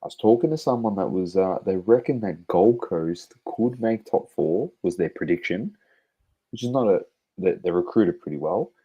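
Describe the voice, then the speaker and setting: A man's voice: sits low, animated, moderate pace, slightly rough, muffled recording. A man hosting a sports podcast, bantering in a teasing, laid-back way. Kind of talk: casual sports chat.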